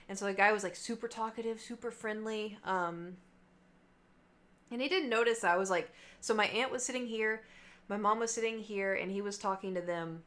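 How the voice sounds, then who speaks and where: A woman's voice: mid-range voice, brisk. Late 20s streamer girl just chatting, lots of ums and tangents. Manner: chatty, animated, many fillers and trailing asides. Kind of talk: casual storytelling chat.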